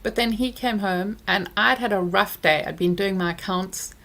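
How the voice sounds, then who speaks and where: A middle-aged woman chatting casually to camera at home, recounting a story about her son with candid reflection. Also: moderate pace. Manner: candid, reflective, recounts dialogue with lively pitch swings. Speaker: vlogger, parent.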